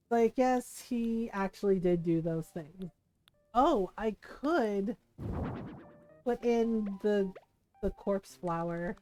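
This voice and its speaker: A woman with a mid-range, dark-toned voice streams a game, chatting casually and thinking aloud. Her gameplay commentary is full of fillers and little laughs.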